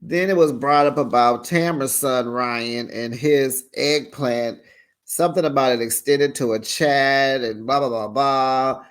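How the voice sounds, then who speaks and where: Slow-talking sassy recap host. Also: medium pitch, smooth. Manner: sassy, gossipy, talks straight to viewers. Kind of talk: casual commentary recap.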